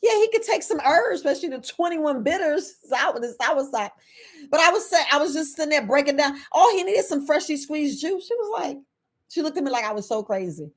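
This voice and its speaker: A middle-aged woman herbalist, talking casually to her viewers, animated and laughing often. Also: high voice, a little fast. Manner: animated, laughing, acts out quoted people in a raised voice. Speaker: herbalist host.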